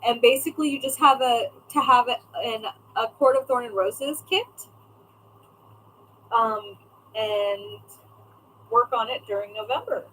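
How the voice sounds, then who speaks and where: Livestream host: a chatty woman with a slightly high voice, faint noise behind her. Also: unhurried, long pauses, sharp tone, low-quality recording. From California. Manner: chatty, talks to viewers by name, trails off while searching. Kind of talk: casual livestream chat.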